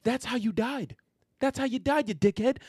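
A man's voice: normal speed, slightly rough, no room sound, studio quality. A man voicing an enraged, grieving male mutant turtle, ranting at his dead brothers in a raised, strained voice. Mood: furious rant. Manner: ranting, high and strained, yelling at ghosts.

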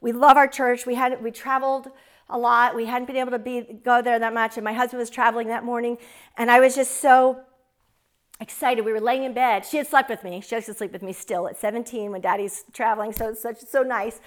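High-voiced woman giving earnest testimony. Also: steady tone, fairly quick. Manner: earnest, fervent, storytelling. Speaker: speaker sharing a testimony. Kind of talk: emotional personal testimony.

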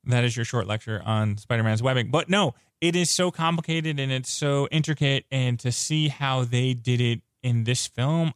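Excitable man in dry movie chat. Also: mid-range voice, clean tone, dry recording. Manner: excitable, rambling fan talk with restarts. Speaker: podcast co-host. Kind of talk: casual movie review chat.

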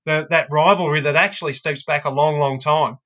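A man's voice: a little high, fairly even intonation, a little fast, fairly bright tone, lo-fi sound. A man, a guest on a podcast, speaking hesitantly with many restarts. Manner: hesitant, restarting, often laughing. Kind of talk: casual chat.

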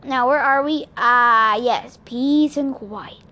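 A woman reading aloud and voicing a calm, easygoing male god disguised as a jogger, speaking in a relaxed, breezy way. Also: on the high side, slow, dull audio.

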